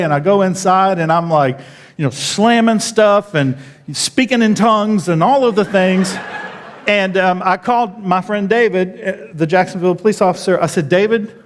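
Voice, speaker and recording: A pastor tells a story from the pulpit in a high tenor, his voice leaping up whenever he relives how indignant he was. The long reverb of a church auditorium hangs on every line. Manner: animated, jumps high when retelling his outrage. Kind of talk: sermon storytelling.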